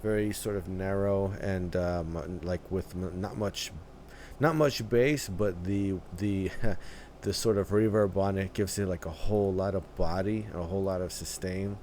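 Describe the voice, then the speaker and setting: A man hosting a reaction video, talking casually in halting phrases with many fillers and restarts, often tagging "right?" and "dude.". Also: low voice, steady tone, a little mellow, slight background noise.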